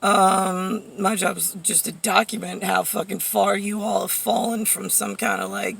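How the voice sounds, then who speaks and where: A woman's voice: medium pitch, lively intonation, measured pace, creaky, fairly bright tone, distant mic, a little hiss or hum. A woman vlogger rambling through a profane, sardonic monologue full of fillers, heard a little away from the mic. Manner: profane, sardonic ranting with frequent fillers and laughs.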